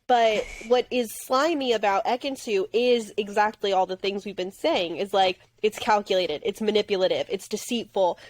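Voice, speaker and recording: A woman's voice: mid-range voice, normal speed, hardly any pauses, low-quality recording. A woman co-hosting a podcast, chatting casually with a wry, self-deprecating manner. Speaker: podcast co-host. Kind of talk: casual chat recapping a reality show.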